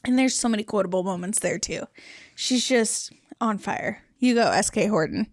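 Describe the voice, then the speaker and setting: A woman co-hosting a podcast in casual chat, animated and laughing often. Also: medium pitch, moderate pace, no room sound, studio quality. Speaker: podcast co-host.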